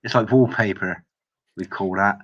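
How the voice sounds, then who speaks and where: A man's voice: lowish voice, normal speed, fairly bright tone, lo-fi sound. A man hosting a casual live video chat, chummy and teasing in short remarks.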